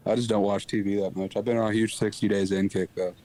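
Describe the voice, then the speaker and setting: A man's voice: on the low side, level tone, fast talker, dark tone, slight background noise, rough recording. A man co-hosting a casual live-stream chat, dropping dry, sarcastic asides. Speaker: co-host.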